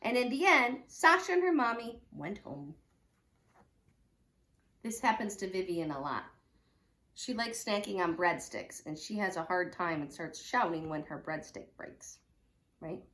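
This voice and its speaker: A woman teacher reading a picture book aloud at home, with lively, chatty asides for children. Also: on the low side, measured pace, long pauses, echoey room. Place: home room.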